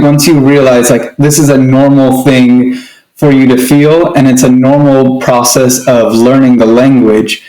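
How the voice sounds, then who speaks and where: A man's voice: mid-range voice, darkish tone. A man co-hosting a casual conversation, explaining at length with frequent restarts. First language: English. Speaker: co-host. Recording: echoey room.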